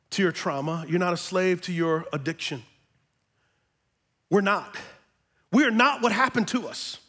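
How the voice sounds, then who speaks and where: A man in his fifties preaching in a church with a notably high voice. He drops into soft, slow stretches of teaching, then climbs into loud, rising calls to his listeners. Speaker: pastor. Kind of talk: sermon. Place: church auditorium.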